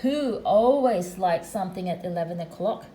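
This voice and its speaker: Expressive woman reading a storybook. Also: fairly low pitch, moderate pace, echoey room, slight background noise, poor audio. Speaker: storybook reader. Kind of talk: storybook narration.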